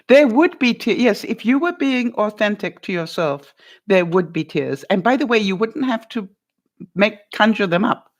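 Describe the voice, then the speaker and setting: A woman's voice: medium pitch, lively intonation, measured pace. A woman coaching someone through a hard conversation on her advice vlog. She talks in an encouraging, playful way, laughs often and keeps checking in with "all right?". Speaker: vlogger giving life advice. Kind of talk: coaching talk to a guest.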